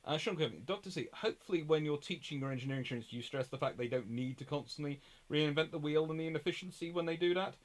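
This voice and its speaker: A man's voice: on the high side, quick pace, hardly any pauses. A man from England hosting a casual livestream, reading out viewer questions and answering them conversationally. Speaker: host.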